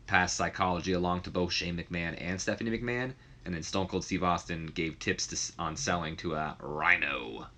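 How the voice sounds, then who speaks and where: A man's voice: low voice, sharp tone. A man giving loose, rambling commentary on a wrestling management game and acting out characters' lines. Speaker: video creator.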